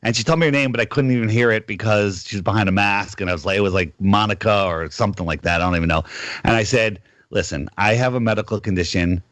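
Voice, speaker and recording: Low-voiced man telling a rambling story. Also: quick pace, fairly bright tone, no room sound. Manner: rambling storyteller, acts out quoted lines. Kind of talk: casual call-in radio chat.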